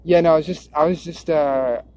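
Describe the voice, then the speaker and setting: A man's voice: a little high, fairly even intonation, normal speed, mellow, a little hiss or hum. A man rambling in a stream-of-consciousness monologue, drifting, repeating words and circling back on his thoughts. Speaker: video creator. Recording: dull lo-fi recording.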